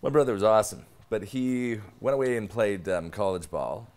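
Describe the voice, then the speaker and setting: A man's voice: on the low side, moderate pace, a little mellow. A young man, a podcast guest, telling family stories in casual chat, laughing often and swearing casually.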